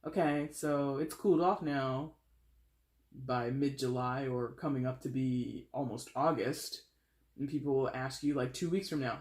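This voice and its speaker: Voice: mid-range voice, a little slow, a little mellow, reverberant. A tarot reader from the States giving a blunt, tough-love reading with a sarcastic edge. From United States. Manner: sarcastic, mimics whiners.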